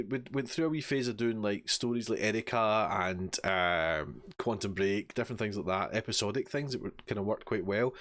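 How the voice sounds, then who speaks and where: A man's voice: lowish voice, fairly bright tone. Man in casual podcast chat. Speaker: podcast co-host.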